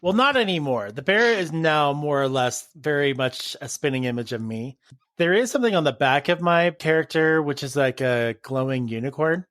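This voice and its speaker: Giggly chatty man, higher voice. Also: lively intonation, normal speed, fairly bright tone, no room sound, studio quality. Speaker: interview guest. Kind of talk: casual podcast chat.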